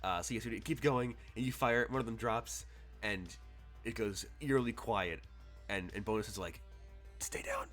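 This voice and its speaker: A man's voice: fairly low pitch, moderate pace, fairly bright tone, soft background music. A man narrating as game master, rambling with many fillers and chuckles.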